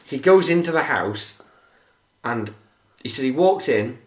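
A man's voice: medium pitch, animated, measured pace, echoey room. A man co-hosting a podcast, telling a long anecdote in a rambling, casual way. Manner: rambling anecdote with acted quotes. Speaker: podcast co-host. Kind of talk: casual storytelling chat.

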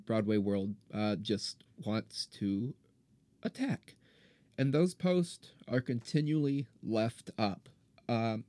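A man's voice: on the low side, a little mellow, no room sound. A man in his thirties hosting a podcast, delivering an impassioned, indignant solo rant. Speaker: podcast host. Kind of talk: solo ranting monologue.

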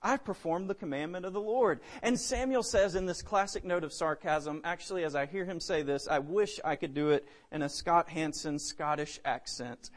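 Male preacher, high voice, dynamic delivery with big swings in volume. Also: moderate pace, few pauses. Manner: dynamic, swings between loud emphasis and hushed drops. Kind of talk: sermon.

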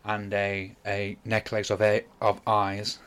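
Rambling man, low voice. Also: completely flat delivery, slow, fairly bright tone, smooth. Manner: rambling retelling, apologizes often. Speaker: podcast host. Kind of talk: casual chat.

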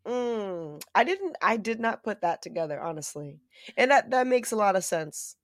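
A woman co-hosting a casual podcast chat, joking and blunt, swearing and thinking out loud. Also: on the low side, lively intonation, moderate pace, dry recording, studio quality. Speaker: podcast co-host.

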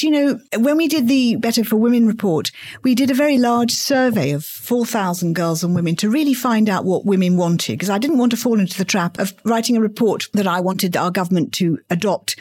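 Middle-aged woman guest, husky-breathy tone, emphatic, keeps a conversational pace in an interview. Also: a little high. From England. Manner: earnest, animated, emphatic repetitions. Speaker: guest, obstetrician and gynecologist.

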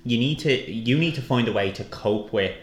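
A man co-hosting a podcast, gently reassuring and often restarting his sentences. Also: mid-range voice, moderate pace. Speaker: podcast co-host. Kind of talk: supportive casual chat. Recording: echoey room with faint hum.

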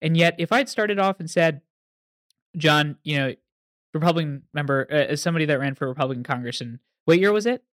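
A man's voice: a little high, animated, fast, few pauses, dry recording, studio quality. A man hosting a podcast interview, asking questions in an eager, emphatic way. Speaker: podcast host. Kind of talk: conversational interview.

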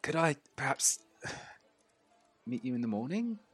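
A man voicing a well-dressed, fastidious male half-orc who speaks softly and hesitantly in a tabletop game. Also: medium pitch. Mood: reserved.

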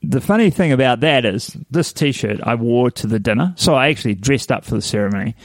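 A man's voice: medium pitch, expressive, fairly quick, dry recording. A man hosting a podcast, talking casually and rambling, with plenty of fillers. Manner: rambling and chatty, with many fillers and laughs. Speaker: podcast host. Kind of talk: casual chat.

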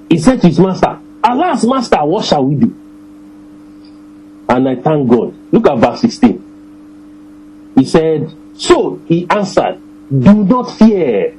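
A man preaching a sermon to his congregation, emphatic, repeating phrases and slowing down to stress scripture. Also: on the high side, warm tone, slight background noise, low-quality recording.

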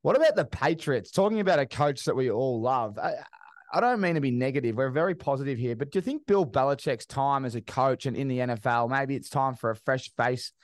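An upbeat Australian man hosts a sports podcast in a casual, chatty way, full of friendly banter. The sound is dry and close to the mic, with no room echo. His voice sits at a middling pitch. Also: expressive, fairly quick. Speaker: podcast host.

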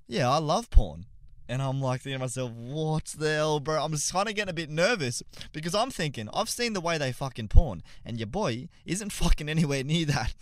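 Young male podcast host, crude and animated storyteller, swinging pitch, close dry sound. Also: no echo. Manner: animated, swearing, laughs mid-sentence. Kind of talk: casual storytelling to gamers.

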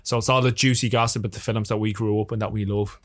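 An Irish man, a filmmaker guest on a podcast, telling lively stories in casual chat and swearing freely. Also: on the low side, fast, no echo, studio quality. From Ireland. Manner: lively, profane storyteller.

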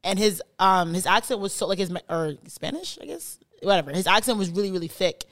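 A woman's voice: medium pitch, animated, brisk, no room sound, clean studio sound. A young woman co-hosting a podcast, chatting casually and telling stories in a blunt, emphatic way. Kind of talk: casual chat.

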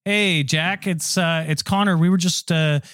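A man's voice: on the high side, fairly even intonation, unhurried, fairly bright tone, dry recording, studio quality. A man co-hosting a comedy podcast, bantering in a goofy, mock-announcer way. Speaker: podcast co-host.

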